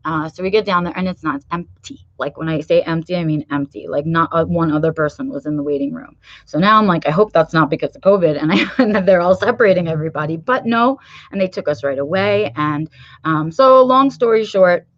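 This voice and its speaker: A candid woman hosting a casual livestream, her voice sitting a little low. She keeps checking in with her viewers and swears freely. The sound is dry and a bit dull. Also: a little fast, dry recording. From New York. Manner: candid and animated, frequent "right?" and swearing. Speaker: livestream host.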